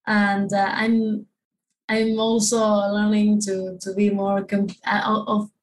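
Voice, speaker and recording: A woman, a guest in a casual interview, speaking haltingly with many restarts as she searches for words. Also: medium pitch, completely flat delivery, a little hiss or hum, poor audio.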